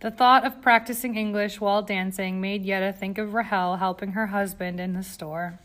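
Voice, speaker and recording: A woman narrating an audiobook in a calm, even way. Her voice sits at an ordinary middle pitch. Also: normal speed. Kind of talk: scripted narration.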